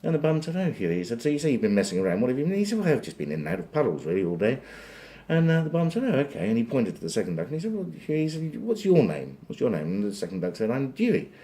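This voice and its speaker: A man's voice: mid-range voice, big pitch swings, very fast, mellow. A man from England telling a long shaggy-dog joke in a meandering way, with self-interrupting asides. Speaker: joke teller.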